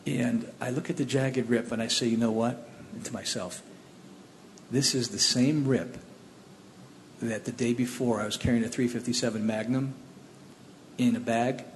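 A man from the Cleveland area telling his own testimony in a plainspoken, animated storytelling way. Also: mid-range voice, moderate pace, in a large hall, a little hiss or hum.

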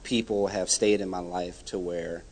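Young man, church testimony, animated storytelling, echoing hall. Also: low voice, moderate pace. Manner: animated storytelling, acts out quoted friends. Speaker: church guest giving a testimony. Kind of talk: personal testimony. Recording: hall reverb.

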